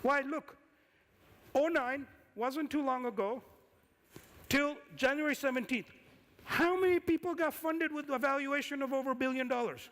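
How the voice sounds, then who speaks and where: High-voiced man questioning a conference crowd. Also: moderate pace. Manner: lively, asks the audience many questions. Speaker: conference speaker, angel investor. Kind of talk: conference talk. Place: conference hall. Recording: reverberant hall.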